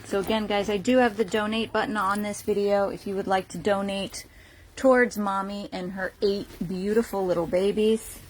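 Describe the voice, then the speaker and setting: A woman of middle pitch talks casually to camera while puppies climb over her lap indoors. She slips into fond baby talk and keeps a playful, affectionate tone. Faint background noise and small animal sounds sit under her voice. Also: steady tone, moderate pace. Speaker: animal rescue volunteer.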